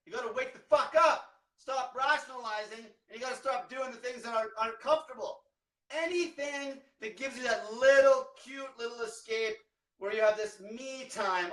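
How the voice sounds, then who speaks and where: A man's voice: very high-pitched, normal speed, sharp tone. A young man giving a blunt, profane motivational rant as a diet coach, swearing constantly. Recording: echoey room, mic at a distance.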